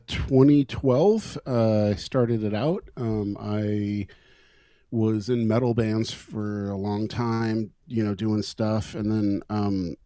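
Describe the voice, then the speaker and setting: A man's voice: on the low side, dark tone, dry recording. A man from California, a guest musician in a casual interview, who tells laid-back stories, swears freely and acts out his own past thoughts.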